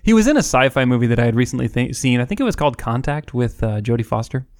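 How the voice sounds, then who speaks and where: A man's voice: mid-range voice, big pitch swings, fast, darkish tone, no room sound. A man in his late thirties with an ordinary mid-range voice, co-hosting a casual podcast. He tells stories with playful asides and laughs often. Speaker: podcast co-host. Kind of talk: casual chat.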